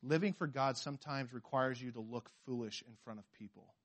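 A pastor from the western United States speaks a little fast in a mid-range voice. His sermon is lively and chatty, with quotes acted out and plenty of restarted sentences.

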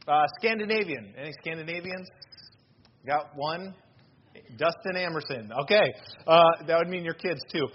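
A man's voice: fairly high pitch, moderate pace. A man preaching a sermon as pastor, polling the congregation and adding joking asides. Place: church hall. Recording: dull lo-fi sound with faint noise.

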